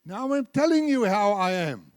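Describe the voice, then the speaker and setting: Older male preacher in his seventies, high voice, dry close sound, lively storytelling sermon. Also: moderate pace, no room sound. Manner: animated storyteller, acts out dialogue. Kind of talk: sermon with told anecdotes. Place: church.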